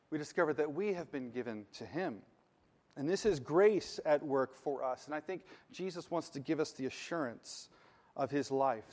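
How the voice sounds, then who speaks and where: A man preaching a sermon as pastor, earnest and emphatic, slowing down to stress key phrases. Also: a little high, in a large hall.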